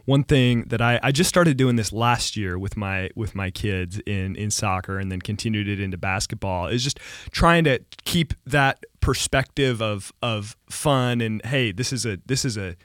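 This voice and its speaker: Loud, lively man hosting in a dry room. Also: lowish voice, normal speed, hardly any pauses, no room sound. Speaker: host. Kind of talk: casual chat.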